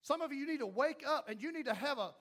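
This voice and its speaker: A man preaching a sermon as pastor, acting out the voices of doubters and of God, swinging from loud to hushed. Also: very high-pitched, expressive, fast talker.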